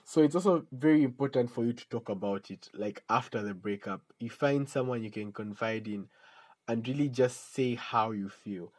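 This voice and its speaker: A man hosting a casual solo podcast and giving chatty advice. He jokes as he talks, laughs at his own asides, and breaks into sudden animated outbursts. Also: moderate pace, rough recording. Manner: animated outbursts with sudden high pitch jumps. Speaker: podcast host.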